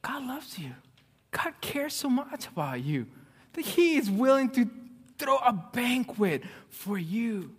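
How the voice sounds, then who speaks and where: A man preaching a sermon, telling stories with swings from loud excitement to hushed near-whispers. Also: extremely high pitch, slow pace, breathy edge. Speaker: pastor. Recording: long reverb of a hall.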